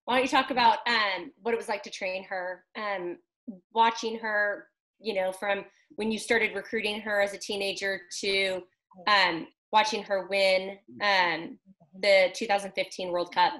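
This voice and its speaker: A woman hosting a casual interview, asking loose, relaxed questions. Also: mid-range voice, unhurried, low-quality recording. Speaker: interviewer, host.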